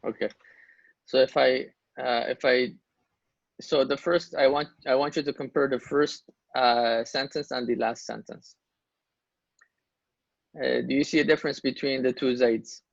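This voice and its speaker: A man's voice: medium pitch, steady tone, unhurried, gravelly, pauses often, no room sound. A man teaching an Arabic grammar lesson, explaining step by step and checking understanding with questions to his students. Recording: dull lo-fi dry recording.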